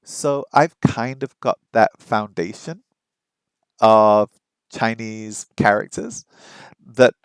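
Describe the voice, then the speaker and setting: A man's voice: fairly low pitch, takes it slowly, clear, resonant tone, no room sound, poor audio. A man hosting a casual live stream, rambling and chatting with viewers, with frequent ums and restarts. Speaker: live-stream host learning a language.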